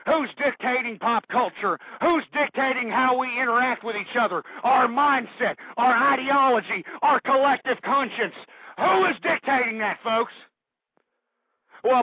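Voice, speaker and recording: A man hosting a political talk radio show, ranting angrily, shouting at times and breathing hard, calling his listeners "folks". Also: extremely high pitch, unhurried, husky, no room sound. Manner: angry, shouting, repeatedly addressing "folks". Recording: tinny phone-like lo-fi audio.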